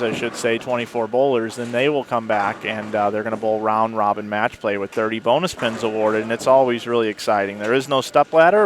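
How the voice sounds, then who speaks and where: A man's voice: medium pitch, fairly bright tone. Chatty male bowling commentator. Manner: chatty, self-correcting, with friendly asides to viewers. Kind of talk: live play-by-play sports commentary. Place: bowling center.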